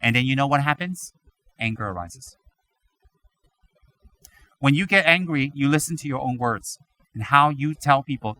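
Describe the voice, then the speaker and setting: Giving a dharma talk, a man speaks at normal speed and medium pitch, leaving long pauses. His Buddhist teaching is lively and full of rhetorical questions, and now and then he mimics how others talk.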